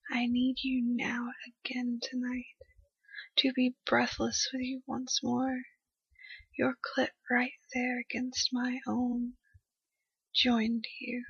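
Slow breathy whispering woman, lo-fi. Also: fairly high pitch, monotone, no echo. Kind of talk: whispered intimate poetry reading. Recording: dull lo-fi, dry close recording.

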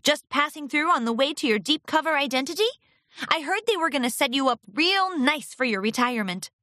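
Girl doing a squeaky nervous pony mare, ex-spy, tryin too hard to sound chill. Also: lively intonation, brisk, sharp tone, no echo, studio quality. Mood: tense. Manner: tense, eager to please.

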